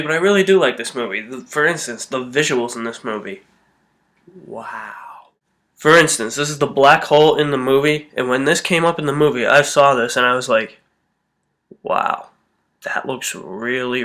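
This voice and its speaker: Man, movie reviewer, bright voice, blunt and opinionated, casual. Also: mid-range voice. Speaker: film reviewer.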